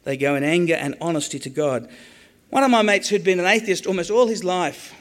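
Aussie guy giving a sermon, kinda high voice, animated, acts stuff out. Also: brisk. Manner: animated, acts out quoted prayers, jokey asides. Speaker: preacher teaching on the Psalms.

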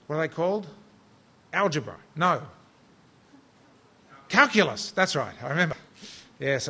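A man's voice: a little high, bright, forceful tone. A middle-aged man from Australia preaching a sermon in a conversational, self-deprecating storytelling manner.

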